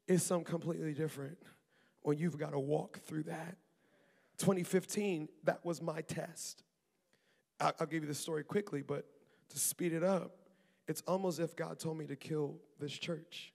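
A man preaching a sermon as pastor, lively and talkative, with asides to the congregation and laughter. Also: a little high, moderate pace, gravelly, in a large hall. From Maryland. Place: church auditorium.

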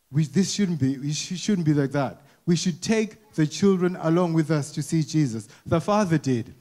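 A man's voice: fairly high pitch, animated, moderate pace, hardly any pauses, warm tone. A man preaching a conversational sermon to a church congregation, often repeating words as he goes and asking the people questions. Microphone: wearing a mic.

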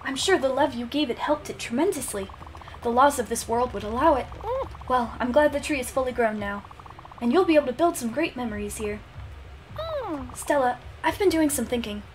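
A woman voicing a sweet, grandmotherly old woman spirit while reading game dialogue aloud, in a soft, coaxing manner. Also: high-pitched, fairly quick, slight background noise, natural voice. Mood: gentle.

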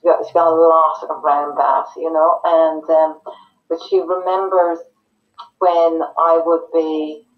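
A middle-aged woman, a parenting educator telling family stories in a warm, repetitive chatty way on a video call. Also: sits low, level tone, measured pace. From New Zealand. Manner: warm storytelling, repeats words for emphasis. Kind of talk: casual interview chat. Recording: tinny phone-like call line.

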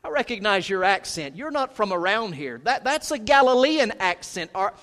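A preacher doing a suspicious accusing bystander. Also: male voice, sits high, very animated, normal speed, fairly bright tone, pitched above the performer's own voice. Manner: probing, accusing questions. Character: suspicious male bystander questioning a stranger. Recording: reverberant church sanctuary.

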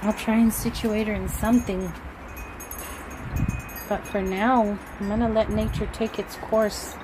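A woman's voice: medium pitch, flat delivery, measured pace, background noise. A woman vlogging casually from her backyard, talking soothingly to a cat giving birth and chatting to her viewers. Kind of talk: casual vlog talk to viewers. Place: backyard outdoors. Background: cats meowing.

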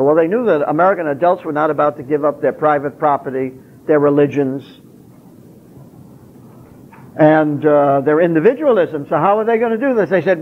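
A man's voice: fairly high pitch, moderate pace. A man giving an emphatic public lecture, posing rhetorical questions and answering them himself. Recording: tinny lo-fi phone-like recording.

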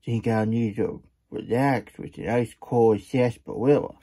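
A man's voice: medium pitch, fairly even intonation, measured pace, mellow, slightly rough. A man voicing a weary, hesitant male cowboy wanderer in a storybook reading, hesitant and stammering.

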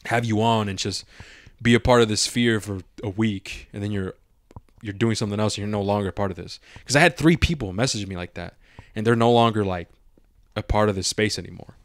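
ممثل شاب يقدّم بودكاست يتحدث بعفوية ويحكي القصص بأسلوب مسترسل، بلغة عامية مليئة بالشتائم. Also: male voice, lowish voice, fairly quick, no room sound. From Mexican-American. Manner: loose, rambling storytelling with heavy slang and swearing. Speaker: podcast co-host. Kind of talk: casual podcast chat.

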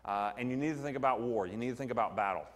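Middle-aged Southern man, pastor, relaxed teaching sermon, quizzes the room, echoing church hall. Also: medium pitch, racing. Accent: Southern American. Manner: conversational, asks the congregation questions, frequent ums. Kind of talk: evening Bible teaching sermon. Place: church sanctuary.

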